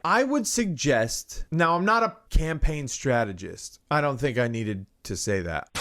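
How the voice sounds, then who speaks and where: A man's voice: mid-range voice, fairly bright tone. A man hosting a comedy podcast, delivering a sarcastic, mock-earnest monologue full of rambling asides and swearing. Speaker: podcast host.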